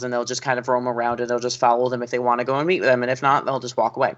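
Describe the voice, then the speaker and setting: A man co-hosting a casual podcast, an animated storyteller who jumps into high squeaky quotes. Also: lo-fi sound. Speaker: podcast co-host.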